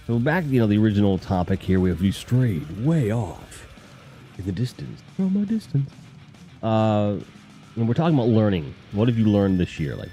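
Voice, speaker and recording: Low rambling male stream host. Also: dark tone. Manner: rambling, joking, crude humor, talks to chat. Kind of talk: casual live stream chat.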